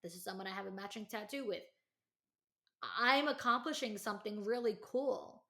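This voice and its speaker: A woman hosting a podcast, telling a personal story in casual chat, full of "like" and "you know", and acting out quotes with lively energy. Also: normal speed. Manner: chatty, heavy use of "like" and "you know"; animated, acts out quotes in a higher voice. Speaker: podcast host.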